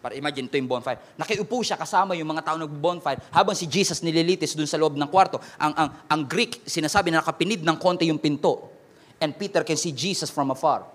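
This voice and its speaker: A man's voice: fairly high pitch, quick pace, a bit bright. A man with a Filipino accent preaching a sermon, mixing Tagalog and English and acting out quoted voices dramatically. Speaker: pastor.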